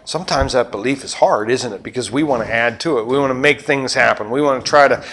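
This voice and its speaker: A man preaching a sermon with animated storytelling, swinging between loud bursts and hushed asides. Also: mid-range voice, fast, slight background noise. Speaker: pastor.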